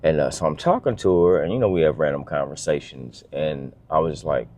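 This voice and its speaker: Deep-voiced, earnest, emotional father. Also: fairly quick, darkish tone. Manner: earnest, heartfelt storytelling with restarts. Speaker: father sharing a family story. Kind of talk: casual vlog monologue.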